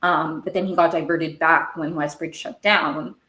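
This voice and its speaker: A woman's voice: deep voice, steady tone, normal speed, pushed and bright. A woman hosting a podcast, recapping a TV show in a rambling, casual way and getting worked up as she talks. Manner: rambling, gets worked up and emotional. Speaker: podcast host. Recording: echoey room.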